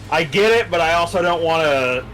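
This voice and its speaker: Brief: male gamer, higher-pitched voice, dry teasing banter, game music clearly audible. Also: a little fast. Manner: wry, teasing, reads out item names. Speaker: co-op game partner on a stream. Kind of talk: casual gaming banter.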